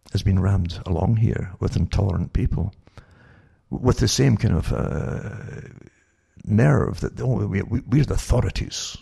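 A man's voice: low-pitched, vocal fry, mellow, husky. A man hosting a monologue talk show, rambling with many repeated words and stumbling restarts. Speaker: show host.

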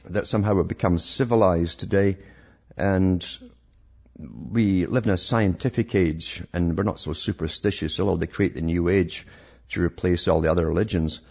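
A gravelly, slightly mellow male voice sitting low carries this sarcastic, rambling monologue at a moderate pace. Acting as a talk host, he reads news articles and keeps restarting his sentences, all on a dull lo-fi recording.

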